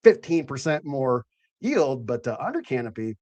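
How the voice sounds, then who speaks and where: A man's voice: medium pitch, big pitch swings, moderate pace, a little mellow, muffled recording. A man hosting a casual late-night chat, profane and rambling. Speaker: host.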